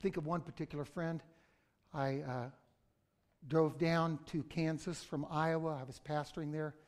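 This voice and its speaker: A middle-aged male pastor preaching a conversational sermon that breaks into sudden loud outbursts. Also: a little high, fairly even intonation, normal speed.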